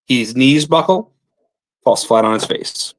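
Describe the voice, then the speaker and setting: A man's voice: medium pitch, expressive, measured pace, no room sound. A man, a pro wrestler guest, telling a blunt, profane story in casual talk.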